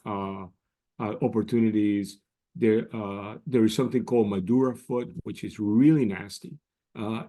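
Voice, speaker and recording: A man answering interview questions as an expert guest, in a measured, explanatory way with frequent restarts. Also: fairly low pitch, dark tone. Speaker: guest scientist.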